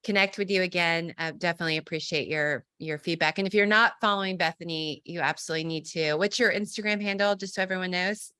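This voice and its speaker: A woman's voice: on the low side, fairly even intonation, fast, few pauses, bright, forceful tone, clean tone. A woman hosting a casual team video call, upbeat and chatty.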